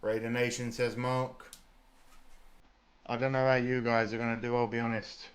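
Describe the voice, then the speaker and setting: A man's voice: mid-range voice, little pitch movement, normal speed. A man with a British accent hosting a live watch-party stream, chatting casually, laughing often and swearing now and then.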